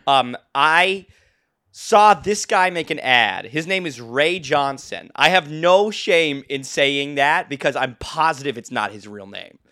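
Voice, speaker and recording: A man's voice: a little high, lively intonation, unhurried, bright, forceful tone. A young man co-hosting a podcast, telling a rambling story in casual chat, laughing often and restarting his sentences. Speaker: podcast co-host.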